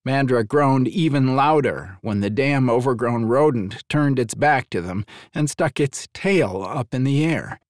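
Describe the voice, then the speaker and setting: A man narrating an audiobook in an expressive, scripted storytelling style. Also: mid-range voice, unhurried, hardly any pauses, no echo, studio quality.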